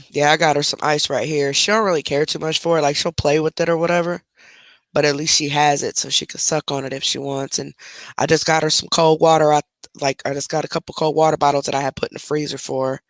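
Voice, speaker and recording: A woman's voice: sits low, fairly even intonation, fairly quick, dry recording. A middle-aged woman chatting casually on a home live stream, talking to her viewers and breaking off to scold her dog. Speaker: livestream host. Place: at home, indoors. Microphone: desk microphone close up.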